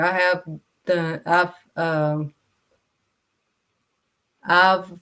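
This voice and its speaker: A woman vlogger giving a blunt, scolding faith talk straight to camera. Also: sits low. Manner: blunt, direct, scolding, refuses to sugarcoat. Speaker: vlogger and kids' modeling teacher.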